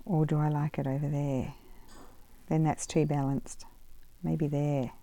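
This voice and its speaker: A woman vlogs casually while making paper crafts, thinking aloud, rambling, and wandering off on tangents. Her voice sits low and mellow, with a flat, unhurried delivery, and the recording is dry.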